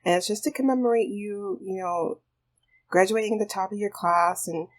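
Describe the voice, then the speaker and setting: A woman's voice: mid-range voice, normal speed, natural voice. A woman voicing a proud, affectionate father in a life-sim game playthrough, who keeps calling his daughter baby girl. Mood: doting. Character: proud doting father, grown man.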